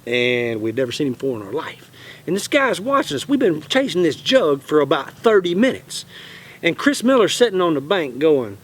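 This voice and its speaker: Animated man telling a fishing story. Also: on the high side, normal speed. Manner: animated, acts out quotes. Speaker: channel host. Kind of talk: casual storytelling.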